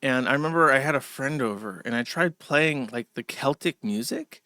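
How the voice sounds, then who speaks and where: Bright-voiced man rambling to his chat. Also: mid-range voice, moderate pace, dry recording, studio quality. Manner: rambling, digressive, addresses chat directly. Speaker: livestream host. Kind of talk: casual livestream monologue.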